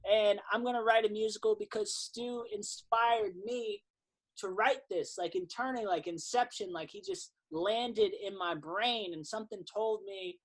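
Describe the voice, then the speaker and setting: A man's voice: sits high, unhurried. A man in his thirties, a singer-songwriter guest on a podcast, telling his story casually and acting out the quotes. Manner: animated storyteller, acts out quotes, swears casually.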